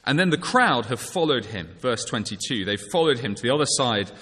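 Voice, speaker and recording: A man preaching a sermon to his congregation. He speaks in a measured, conversational way, with frequent fillers and small restarts. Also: mid-range voice, lively intonation, sharp tone. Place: church. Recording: long church reverb.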